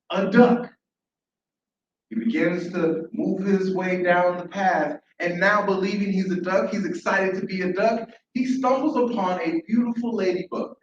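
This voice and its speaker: A man telling an animated story live to an audience, repeating phrases and asking the crowd questions. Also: high voice, a little hiss or hum. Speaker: storyteller at an open mic. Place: large room at a library event. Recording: echoey, dull, from far off.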